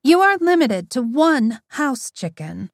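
Woman playing a stern, rule-keeping young woman in an audiobook, clipped and a little high. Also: sing-song, takes it slowly, dry recording, clean studio sound, exaggerated voice. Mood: firm.

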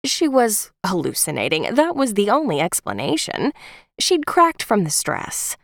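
A woman's voice: mid-range voice, wildly swooping pitch, unhurried, vocal fry, no room sound, clean studio sound. A woman reading a romance novel aloud as an audiobook narrator, telling the story expressively. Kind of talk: scripted narration.

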